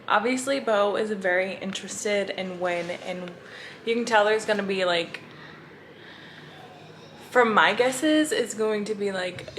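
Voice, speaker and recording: A woman's voice: mid-range voice, slight background noise. A young woman chatting casually on her book vlog, gushing and telling stories to her viewers. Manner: gushing, animated storytelling to viewers. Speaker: book vlogger.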